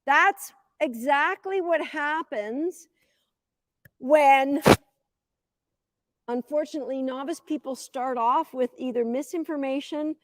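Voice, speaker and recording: A woman in her fifties, a dog agility coach giving a live teaching demo, chatty and energetic, cheering the dog on. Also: high-pitched, slow pace, long pauses, dry recording, clean studio sound.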